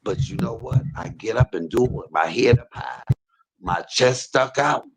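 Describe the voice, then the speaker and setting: Gravelly man preaching from a hospice bed. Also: mid-range voice, normal speed, noisy background. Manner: gravelly, husky voice, preachy and emphatic. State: in pain. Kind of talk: casual preaching talk. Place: hospice room.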